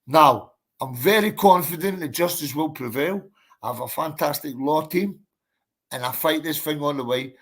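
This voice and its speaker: A man's voice: a little high, moderate pace, fairly bright tone. A man, a boxer telling his story in a casual interview, blunt and emphatic, swearing and calling the listener mate and bro.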